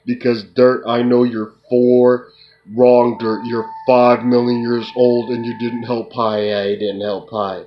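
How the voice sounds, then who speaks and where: A man's voice: medium pitch, flat delivery, a little slow. A man in a rambling, profane monologue, talking to an unseen listener and tacking "duh" onto his sentences. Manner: repetitive, profane, tacks on "duh". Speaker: self-described remote viewer. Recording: muffled lo-fi with loud hiss.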